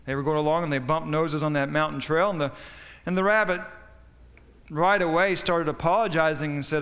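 A man's voice: fairly high pitch, fairly even intonation, fairly quick, fairly bright tone, in a large hall. A man preaching a sermon in a folksy, storytelling way, often stopping to restart his sentences. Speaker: pastor.

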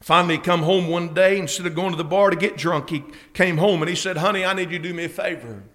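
High, bright-voiced shouting preacher. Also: male voice, fairly even intonation, quick pace. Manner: emphatic preaching with amens, rising to shouts. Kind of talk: sermon. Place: church conference hall.

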